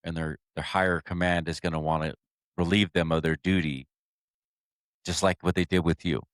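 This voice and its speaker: A man's voice: low-pitched, steady tone, normal speed, no echo, studio quality. A man hosting a podcast interview, speaking earnestly and sympathetically to his guest. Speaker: podcast host. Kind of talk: interview conversation.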